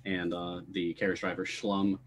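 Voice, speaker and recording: A man with a lowish voice narrates a tabletop game as its game master. He is relaxed and drops in frequent hesitations. A faint bed of noise sits behind him. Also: normal speed.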